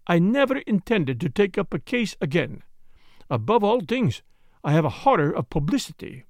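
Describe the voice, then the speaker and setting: A formal, courteous retired detective in an audiobook, speaking with lively, rising and falling pitch, as a man reading the book puts him on. The delivery is measured and precise, and the voice sits a little high. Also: dry recording, studio quality. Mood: modest.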